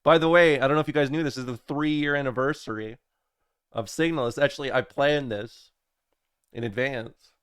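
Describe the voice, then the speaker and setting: A man's voice: medium pitch, steady tone, moderate pace, a bit bright, smooth. Joking young streamer guy. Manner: rambling, jokey, talks to chat. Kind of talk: casual stream chatter.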